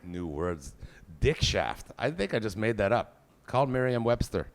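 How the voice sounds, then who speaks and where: A man's voice: on the low side, big pitch swings, unhurried, slight background noise. A man doing live stand-up, telling a crude, self-mocking story peppered with swear words. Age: 40s. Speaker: stand-up comedian.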